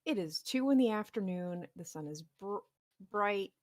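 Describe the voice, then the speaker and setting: A woman's voice: medium pitch, animated, unhurried. A woman narrating as dungeon master in a casual, laughing way, with loose restarts. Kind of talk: narrating a tabletop game.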